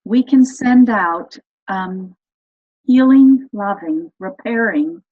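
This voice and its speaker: A woman's voice: mid-range voice, expressive, slow pace, breathy edge, phone-quality sound. A woman speaking as a guest in an interview, explaining her ideas in an earnest, enthusiastic way. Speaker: guest expert on voice and energy healing.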